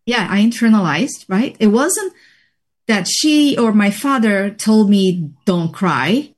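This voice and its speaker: Slow, reflective woman sharing her story. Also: mid-range voice, animated. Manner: reflective, measured, pauses often. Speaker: interview guest, healing practitioner. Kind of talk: personal story in conversation.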